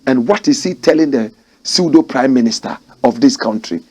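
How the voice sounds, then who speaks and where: A man's voice: medium pitch, animated, moderate pace, a little mellow, slightly rough. A Ghanaian man giving fiery political commentary, mocking and firing rhetorical questions.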